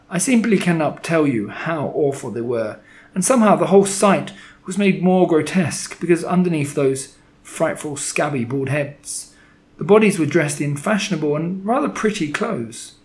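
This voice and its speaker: A man narrating a children's story, with a dramatic, expressive delivery. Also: on the high side. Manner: dramatic, expressive reading with shifting loudness.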